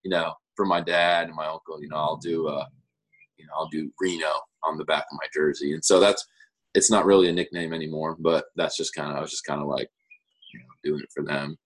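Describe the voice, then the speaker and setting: A man's voice: rumbling low, level tone, a little fast, slightly rough, poor audio. A young man, a guest on an interview show, chatting casually and explaining things in an easygoing, rambling way. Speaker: guest pitcher.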